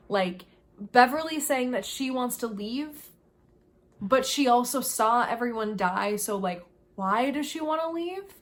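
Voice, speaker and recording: Vlogger woman, fairly high voice, animated and exasperated casual rant. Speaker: video creator. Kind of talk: casual review vlog.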